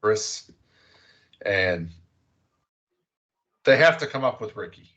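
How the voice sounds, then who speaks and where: Speaking slowly but animatedly, this podcast host has a fairly low voice that comes across pushed and bright. He gives a rambling, casual rundown of a film, full of fillers and some profanity.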